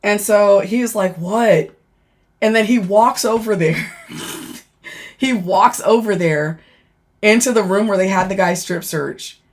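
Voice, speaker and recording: A woman, a former corrections officer, casually telling a story on a livestream, animated and profane, with lots of fillers. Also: mid-range voice, a little slow. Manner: animated, profane, laughing and dramatizing; chatty with many fillers.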